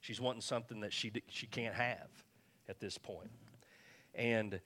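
A man's voice: on the low side, normal speed, pushed and bright. A man preaching a conversational sermon, repeating himself and checking in with his listeners. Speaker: pastor.

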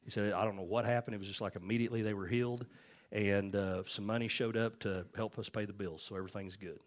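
A male pastor preaching a sermon, telling stories in a folksy, animated way. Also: lowish voice, fast talker.

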